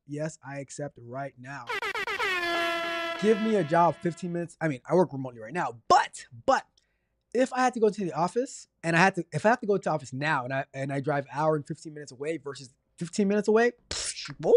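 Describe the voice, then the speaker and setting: Animated man hosting a tech career show. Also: a little high, fairly quick, dry recording, studio quality. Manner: animated and exasperated, repeating himself for emphasis; jokey, swings between mock outrage and apology. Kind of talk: live call-in advice show, reading viewer questions.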